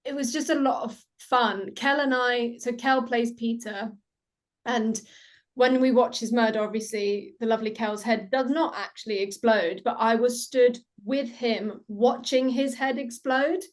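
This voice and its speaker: Actress, casual interview guest, chatty and a bit high-pitched. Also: female voice, fairly even intonation, a little slow. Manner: giggly, chatty storytelling with many fillers.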